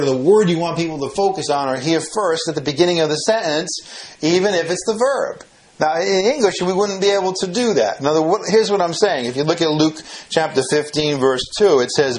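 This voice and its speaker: A man's voice: a little high, reverberant, a little hiss or hum, poor audio. A man teaching verse by verse through a Bible passage, explaining grammar plainly, often restarting phrases and rising when he stresses a point. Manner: explanatory, repeats and restarts phrases, rises in emphasis.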